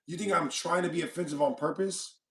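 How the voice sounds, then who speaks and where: A man hosting a live stream, teasing and arguing with a caller in rapid questions. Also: on the high side, vocal fry, a crowd in the background. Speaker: stream host. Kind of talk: casual live-stream debate.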